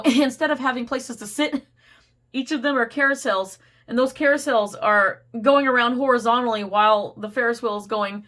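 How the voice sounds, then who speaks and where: Chatty woman tarot reader, higher voice. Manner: laughs often while describing, animated and chatty. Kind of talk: casual spoken tarot reading.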